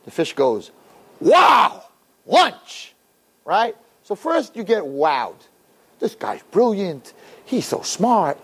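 Animated man lecturing with big pitch swings. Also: slightly rough. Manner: expressive, acts out quotes with big pitch jumps. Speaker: Torah teacher. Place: lecture hall with audience.

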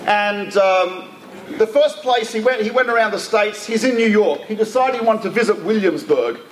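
A man's voice: high-pitched, moderate pace. A man telling a story in a lecture, talking casually with asides and restarts. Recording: echoey room with faint ambient noise.

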